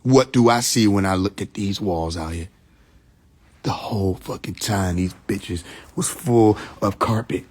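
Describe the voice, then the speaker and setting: A man of middling pitch rants into his phone on a livestream. He swears freely, mocks people, and breaks into laughter, jumping from loud outbursts to low muttering. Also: slow, long pauses. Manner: profane, mocking, laughing, swings between loud and muttered. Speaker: livestream host. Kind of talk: casual livestream rant.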